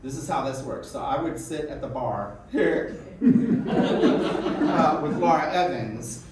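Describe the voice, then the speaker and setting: A man's voice: on the high side, sing-song, slow. A man hosting a live event, introducing people from the stage in an effusive, chatty way and laughing often. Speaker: event host. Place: small event hall in a music school. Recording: echoey room from far off, noisy.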